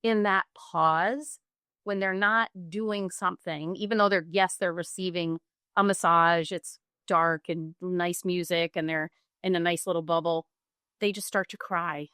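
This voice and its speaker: A middle-aged woman, a yoga teacher and bodyworker, guesting on a podcast and telling stories in an animated way. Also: on the low side, measured pace, smooth, no echo, studio quality. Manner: animated storytelling, acts out quoted clients. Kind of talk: casual conversational interview.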